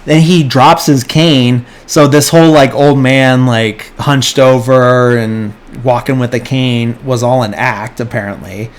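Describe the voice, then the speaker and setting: A man hosts a podcast and walks through a film's plot at an unhurried, slow pace. His retelling is loose and rambling, with quick bits where he mimics the characters. His voice sits at an ordinary middle pitch for a man. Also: steady tone. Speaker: podcast host. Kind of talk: casual movie plot recap.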